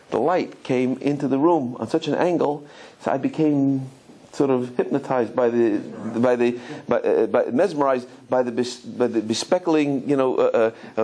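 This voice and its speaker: A man voicing a young bride who apologizes in a rambling, halting way for drifting off. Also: mid-range voice, warm tone, slightly rough, voice pushed down, close to an everyday voice. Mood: dreamy.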